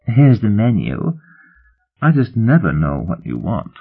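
Man putting on a cooing pouty young woman, high and breathy-sweet, tinny phone-line sound. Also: huge pitch swings, unhurried, heavily acted.

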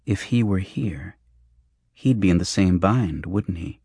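A man's voice: low voice, unhurried, dark tone, breathy edge, no echo, clean studio sound, heavily acted. A man reading the part of a curt, tough woman who gives orders. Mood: firm and curt. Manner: curt, firm. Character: brisk, hard-bitten woman taking charge.

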